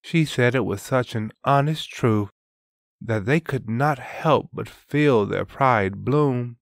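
A man reading a fantasy story aloud as narrator, in a measured, even way. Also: mid-range voice, gravelly, no room sound, studio quality. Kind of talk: audiobook narration.

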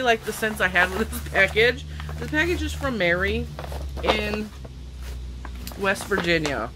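A woman's voice: mid-range voice, normal speed, pushed and bright, slight background noise, low-quality recording. A woman crafting vlogger chatting casually and emotionally in a back yard, laughing often and getting teary. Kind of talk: casual chat.

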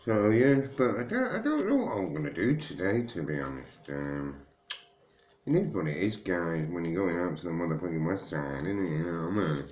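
A drowsy man in his thirties rambles to his audience first thing in the morning. His voice sits low but jumps about a lot as he talks. He calls everyone mate and guys and swears without a second thought. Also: sing-song, moderate pace, a little mellow, lo-fi sound, a little hiss or hum. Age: 30s. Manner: loose, swearing, slangy, addresses viewers as guys and mate. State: just woken up, sleepy. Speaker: vlogger. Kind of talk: rambling casual morning chat.

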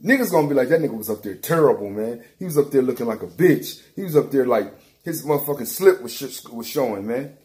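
A man's voice: mid-range voice, lively intonation, fast, a little mellow. A man giving a heated, profane commentary rant, repeating himself and calling someone out directly. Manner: heated, repetitive, calls out directly. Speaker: battle rap commentator.

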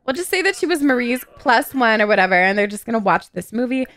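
A woman giving casual gameplay commentary in an excitable, gossipy and profane way. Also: fairly high pitch, fast talker, no echo. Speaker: gaming YouTuber.

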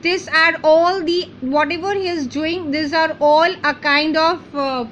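High-voiced teacher. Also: female voice, fairly even intonation, a bit bright, a little hiss or hum, low-quality recording. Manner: explains word meanings, pauses with "uh". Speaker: English teacher. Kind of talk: reading and explaining a textbook chapter.

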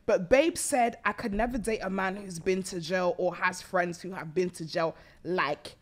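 A woman's voice: lowish voice, moderate pace. A young woman hosting a casual chat, playful and teasing, talking through a cold. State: has a cold.

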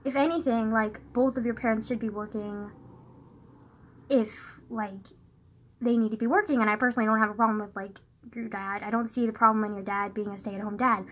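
A young woman telling a story on her phone, animated and sweary, sighing and laughing and saying "like" all the time. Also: brisk, a little hiss or hum. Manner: animated, says "like" constantly, sighs and laughs; swears freely, swings from loud outbursts to low mutters. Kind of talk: casual storytime vlog.

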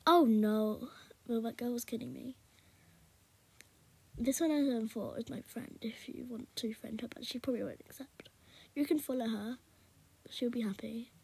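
Hushed, breathy British gamer girl. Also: fairly high pitch, no echo. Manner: often speaks in a hushed half-whisper; rambling and chatty, talking to viewers. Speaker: gaming YouTuber. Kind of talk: casual gameplay commentary.

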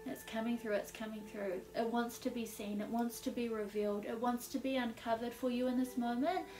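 A woman's voice: a little high, steady tone, fairly quick. A woman giving a casual intuitive tarot reading, chatty, laughing often and leaning on "like" as she talks. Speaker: tarot reader. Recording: echoey room, mic at a distance.

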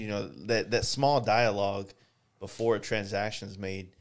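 A man's voice: lowish voice, flat delivery, normal speed. A man from Texas hosting a podcast in casual chat, blunt and opinionated, with plenty of swearing. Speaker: podcast host.

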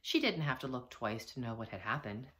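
A woman teacher reading a storybook aloud to children from home, expressive and gentle. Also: rumbling low, a little fast.

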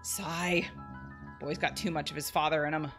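A woman voicing a gruff older man in a game, grumbling and sighing in a lowered voice. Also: fairly even intonation, moderate pace, a bit bright, soft background music.

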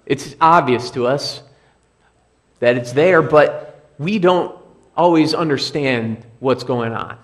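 A male pastor preaching in a church with a mid-pitched voice. He keeps a plain, conversational tone and returns to key phrases again and again to drive them home. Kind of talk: sermon. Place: church sanctuary.

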